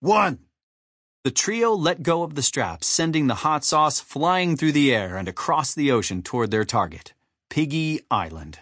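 A man narrating a children's audiobook in an animated storytelling manner. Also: on the high side, moderate pace, no echo, clean studio sound. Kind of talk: scripted narration.

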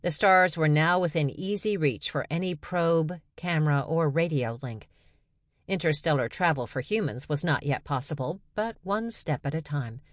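Low-voiced woman narrating a story. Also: no room sound, clean studio sound. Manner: steady, measured storytelling. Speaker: audiobook narrator. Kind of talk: scripted narration.

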